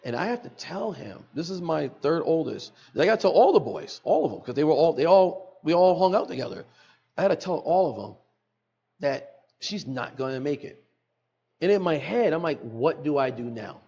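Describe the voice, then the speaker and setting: A man's voice: fairly high pitch, animated, normal speed, vocal fry, warm tone, breathy edge, muffled recording. A middle-aged man, a podcast guest, telling an emotional personal story in earnest, repeating phrases for emphasis, recorded in a studio.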